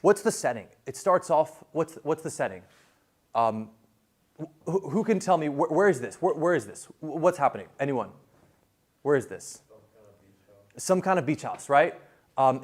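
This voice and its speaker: A man giving a casual classroom lecture on viral video, chatty, with many fillers and restarts. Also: mid-range voice.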